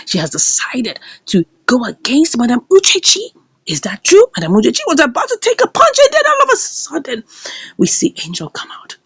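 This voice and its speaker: Woman reviewer, high and lively, breathy edge, dramatic scene-by-scene retelling. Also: a little fast, dry recording. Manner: dramatic retelling, acting out characters' quotes. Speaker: series reviewer. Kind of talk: recap commentary.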